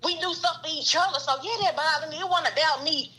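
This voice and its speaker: A woman's voice: sits high, fast, sharp tone, low-quality recording. A woman in her thirties confronting a friend in a heated podcast argument, angry and profane. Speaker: guest.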